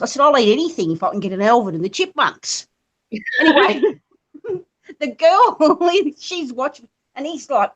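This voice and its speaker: A woman's voice: on the high side, expressive, normal speed. A woman in her fifties telling playful stories in casual chat, acting out her family's lines. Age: 50s.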